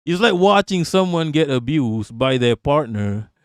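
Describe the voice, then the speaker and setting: A man's voice: a little high, animated, measured pace, clean tone, dry recording, clean studio sound. A man in his thirties doing casual live-stream commentary and reading chat aloud, blunt and profane, often breaking into laughter.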